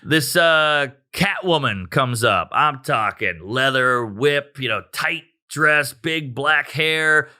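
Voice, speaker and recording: A man, a stand-up comedian, telling a profane, animated story in casual chat. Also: mid-range voice, slow, hardly any pauses.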